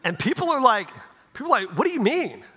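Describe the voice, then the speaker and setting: Man, middle-aged pastor, sermon, conversational, high voice, long church reverb. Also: big pitch swings, fast, pushed and bright, husky. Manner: conversational preaching, often asks "right?". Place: church sanctuary.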